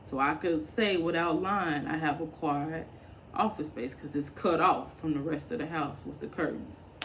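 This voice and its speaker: A young woman vlogger speaks directly to the camera with casual, encouraging advice, chatty, colloquial and full of fillers. Her voice sits low, and there's a little hiss or hum in the recording.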